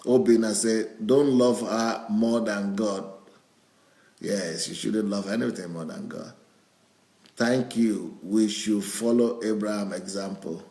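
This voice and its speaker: A man's voice: fairly low pitch, fairly even intonation, slow pace, creaky, dark tone. A man, a pastor, reading out viewer comments and chuckling often as he goes. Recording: roomy echo.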